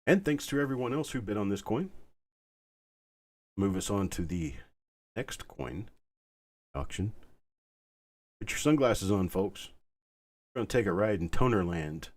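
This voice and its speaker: Male auction host, deep voice, slightly husky, calm and soothing bid calls. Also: unhurried, pauses often. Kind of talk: live online auction calling.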